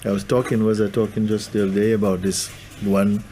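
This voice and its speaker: Male spiritual teacher, low pitch, gentle, easy laughter. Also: little pitch movement, a little fast, slight background noise. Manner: gentle, laughs often, playful. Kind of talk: spiritual talk to a gathering.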